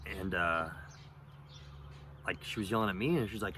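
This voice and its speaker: A man's voice: deep voice, moderate pace, pauses often, a little hiss or hum. Rambling, foul-mouthed young man storyteller. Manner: rambling, profane, full of fillers; gets louder and more animated in later stretch. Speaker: vlogger. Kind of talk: casual storytelling.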